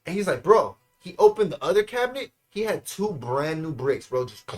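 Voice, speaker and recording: A man's voice: fairly high pitch, very animated, a little fast, soft background music. A young man from California telling a long story in casual chat, full of slang and swearing, acting out his friends' lines. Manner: loose slangy storytelling, acts out friends' voices, heavy swearing. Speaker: guest storyteller.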